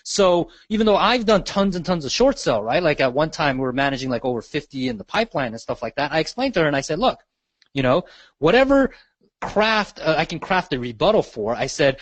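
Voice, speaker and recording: A man's voice: fairly high pitch, dry recording. A man leading a real estate marketing training call, talking in a conversational way and checking in with the group after nearly every point. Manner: conversational, repeats questions, lots of "right?" and "okay?". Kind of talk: live training call, teaching.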